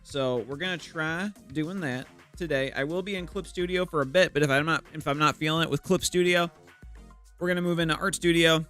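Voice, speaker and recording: A man's voice: on the high side, a little fast, bright, forceful tone, faint music behind. A young man streaming his art live, chatting casually with viewers into a desk microphone, greeting them and cracking self-deprecating jokes.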